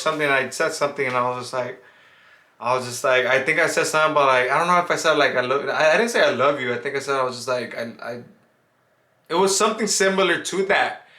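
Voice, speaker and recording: A young man co-hosting a couple's Q&A in casual chat, rambling and repeating himself with halting restarts. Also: medium pitch, pushed and bright. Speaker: co-host of couple Q&A. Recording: echoey room.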